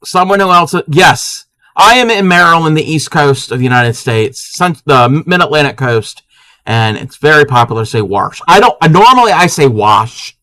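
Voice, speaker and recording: A playful man hosting a live crafting stream, chatting loosely with his viewers and laughing as he goes. His voice sits a little high and swings widely in pitch, with a bright, forward edge. The sound is close and dry. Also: lively intonation, moderate pace, dry recording. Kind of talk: casual live-stream chat, reading viewer comments.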